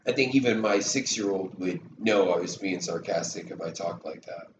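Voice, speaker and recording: A man's voice: sits low, normal speed, dull audio. A man in his thirties rambling and swearing on a live stream, sarcastic and loose. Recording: echoey room with loud background noise.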